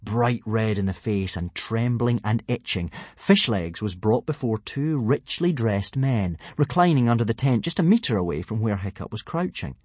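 A male narrator reads a children's adventure story with playful energy. His voice is low and slightly husky, and the pitch rises and falls in a lively way. The recording is dry and close. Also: moderate pace, few pauses, no room sound. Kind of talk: audiobook narration.

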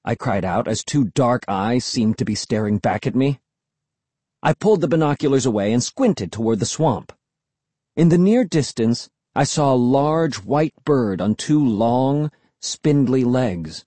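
Husky, mellow-voiced male narrator, lively storybook delivery, dry close mic. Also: medium pitch, measured pace, no echo. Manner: expressive, first-person storytelling. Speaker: audiobook reader.

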